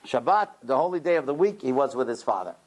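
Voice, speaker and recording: A man's voice: mid-range voice, very animated, quick pace. A man giving a religious lecture, telling a story dramatically and acting out the people in it. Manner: dramatic storyteller who acts out characters. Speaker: rabbi lecturer.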